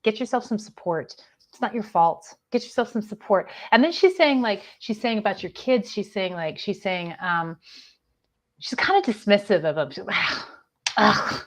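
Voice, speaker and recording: A woman psychic medium giving a live online spiritual reading, speaking gently and hesitantly, with many fillers and restarts. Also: mid-range voice, animated, moderate pace.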